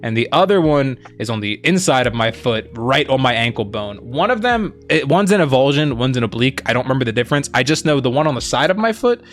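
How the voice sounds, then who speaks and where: Young man, co-host, casual story, rambling with fillers, middle pitch, faint music underneath. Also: fast, hardly any pauses. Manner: rambling, lots of "like" and "um", animated quoting of others.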